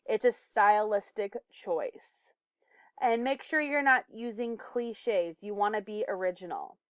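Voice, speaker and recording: A woman's voice: on the high side, clear, resonant tone, dry recording, highs cut off. A woman teacher giving a recorded lesson. She explains step by step and sometimes stumbles or corrects herself. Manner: self-correcting, occasional stumbles and fillers.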